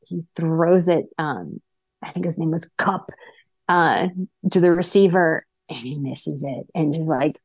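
A woman in her forties from Wisconsin tells a personal story to an audience, animated and acting out the lines of herself and others. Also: fairly low pitch, no room sound. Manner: animated, acts out her own and others' lines in quick bursts.

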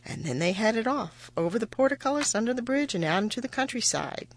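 A woman reading a children's fairy tale aloud in an expressive, animated way. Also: on the high side, fairly quick. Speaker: storyteller.

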